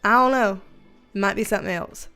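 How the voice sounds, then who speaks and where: A woman with a Southern US accent hosts a relaxed livestream as a tarot reader, reading viewer comments aloud, laughing often and swearing mildly in loose, chatty speech. Her medium-pitched voice is fairly quick, sharp and clean with vocal fry, over soft background music.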